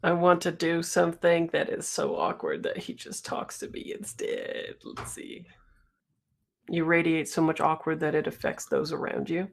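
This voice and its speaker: A player in a tabletop role-play, talking in a flat, offhand way. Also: mid-range voice, normal speed, gravelly.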